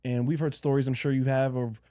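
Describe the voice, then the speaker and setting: A man hosts a podcast and answers his guest in a supportive, reflective way. His voice is mid-pitched and mellow, recorded close and dry. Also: flat delivery, a little fast, dry recording. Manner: supportive, reflective, short affirmations. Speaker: podcast host. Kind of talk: casual interview chat.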